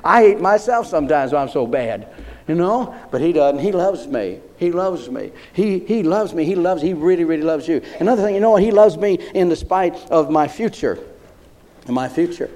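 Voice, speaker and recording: A male pastor preaching a sermon, repeating phrases emphatically and rising into loud declarations. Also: a little high, expressive, normal speed.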